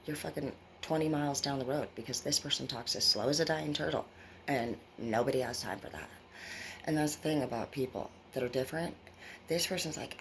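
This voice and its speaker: A woman's voice: extremely low pitch, brisk, slight background noise. Rambling, profane woman tarot reader. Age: adult with children. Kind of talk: casual tarot reading to viewers.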